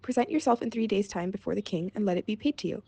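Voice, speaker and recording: Woman doing a grumbly peasant guy from a fairy tale, blustery, a bit gravelly, dry close sound. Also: medium pitch, animated, fast talker, mellow, dry recording. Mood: grumbling. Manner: blustering, exasperated. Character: grumbling stubborn old male peasant.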